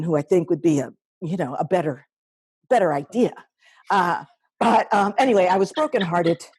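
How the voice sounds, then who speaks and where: A woman comedian and solo performer casually introducing her next piece, halting and self-deprecating with many fillers. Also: medium pitch, a little mellow.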